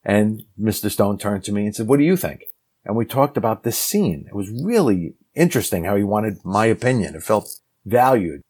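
A man telling a lively anecdote from his acting career as a guest, acting out the people he quotes. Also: lowish voice, normal speed, slightly rough. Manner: animated storyteller acting out quoted lines. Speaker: actor telling a story as guest. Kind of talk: casual anecdote.

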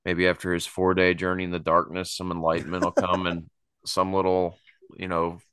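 A man's voice: deep voice, completely flat delivery, normal speed, a bit bright, clean tone, no room sound, studio quality. A man hosting a sports podcast, chatting casually and rambling, often laughing at his own jokes. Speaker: podcast host.

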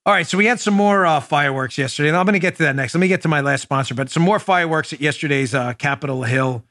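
A New York man hosts a political podcast, delivering a combative, sarcastic opinion monologue in the style of a talk show. His voice is somewhat high and fairly bright, and he talks quickly. The studio recording is clean, with no echo.

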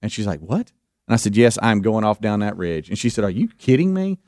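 A man hosting a live radio show, telling a story in an animated way, repeating words and acting out what people said. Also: on the low side, fairly quick, dry recording, studio quality. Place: radio studio.

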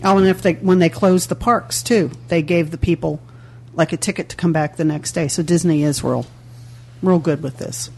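A woman's voice: lowish voice, fairly even intonation, normal speed, warm tone, slightly rough. A woman co-hosting a podcast, giving tips in a chatty, rambling way with lots of "you know" and "like.". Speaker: podcast co-host. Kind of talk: casual podcast chat.

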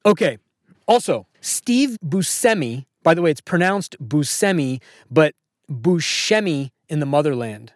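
A man's voice: on the high side, very animated, moderate pace, no room sound, clean studio sound. Wry, joking podcast host, man. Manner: wry, joking, fact-heavy. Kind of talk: casual podcast chat.

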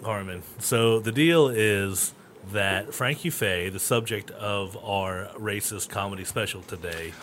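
A man's voice: fairly low pitch, measured pace, a bit bright, a little hiss or hum. A man co-hosting a comedy podcast with easygoing, jokey banter. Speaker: podcast co-host. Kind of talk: casual comedy podcast chat.

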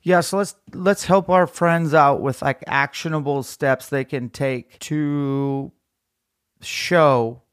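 A man's voice: a little high, steady tone, smooth, no echo, clean studio sound. A man hosting a podcast, talking earnestly and reflectively in a casual chat. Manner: earnest, reflective, quick talker. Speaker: podcast host.

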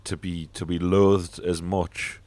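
A man's voice: deep voice, flat delivery, slow pace, a little mellow, no echo. A man hosting a casual football podcast, talking bluntly with swearing and frequent fillers. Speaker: podcast host.

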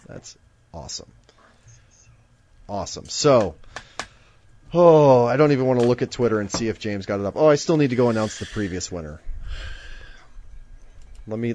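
A man's voice: lowish voice, a little mellow. A man co-hosting a live sports card show, chatty and joking as he runs viewer giveaways. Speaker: co-host running giveaways. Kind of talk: casual live-stream chat.

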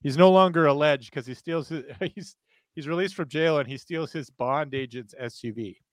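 A man's voice: on the high side, normal speed, no room sound. A man hosting a podcast, reading out a news story and joking about it wryly. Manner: dry, wry joking. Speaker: podcast host. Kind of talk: casual chat, reading news aloud.

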